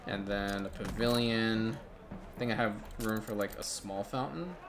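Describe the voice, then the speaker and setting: A man giving casual, chatty commentary over a city-building game, turning gleeful and loud when something delights him. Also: on the low side, measured pace, noisy background. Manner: chatty, excitable, bursts into gleeful shouting. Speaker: gaming YouTuber.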